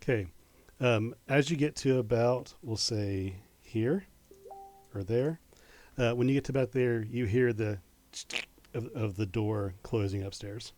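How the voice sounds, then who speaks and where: A man running a tabletop game as game master, narrating in a halting way with many fillers and restarts. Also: mid-range voice, darkish tone, slight background noise.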